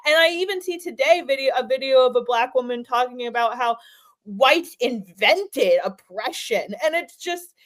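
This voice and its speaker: Woman, podcast host, earnest, blunt, slightly high voice. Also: lively intonation, normal speed, a bit bright. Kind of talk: casual political discussion.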